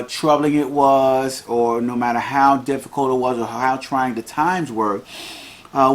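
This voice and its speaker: A man in his fifties hosting an unscripted podcast, talking in a chatty, rambling way and laughing easily. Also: medium pitch. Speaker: podcast host.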